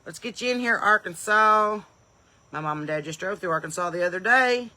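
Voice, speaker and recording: A woman's voice: lowish voice, lively intonation, fast talker, bright, forceful tone. A woman comedian hosting a live stream from her home porch in the evening. She greets viewers in folksy, upbeat bursts and wanders off into rambling asides.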